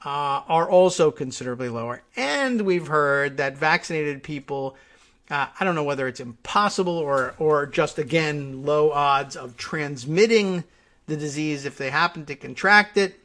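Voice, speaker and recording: Guy doing a solo political commentary show, a bit high voiced, sighs and thinks out loud. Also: moderate pace. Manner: exasperated, thinking aloud. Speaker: host.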